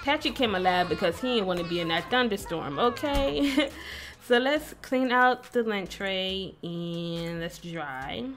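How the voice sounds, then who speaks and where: A woman's voice: medium pitch, animated, unhurried, a bit bright. A woman hosting a casual let's-play, chatting playfully and talking to the characters on screen. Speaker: gaming video host.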